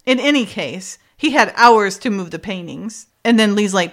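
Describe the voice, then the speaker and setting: Woman, podcast co-host; animated recap, mid-pitched, slips into character voices. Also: normal speed. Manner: animated, acts out characters' lines and laughs often. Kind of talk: casual chat.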